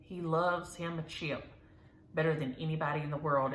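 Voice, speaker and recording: A woman's voice: deep voice, steady tone, moderate pace, a bit bright, reverberant, slight background noise. A woman hosting a stitching vlog, rambling in a folksy way with many ums as she chats to viewers from home. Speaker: flosstube host. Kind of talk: casual chat to viewers. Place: room at home.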